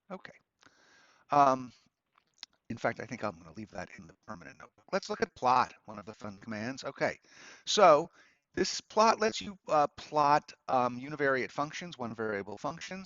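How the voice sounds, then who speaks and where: A man, a law professor, giving a relaxed, conversational screen-recorded lesson at his computer, with frequent ums and asides. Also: medium pitch, no room sound, dull audio. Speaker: law professor teaching a course.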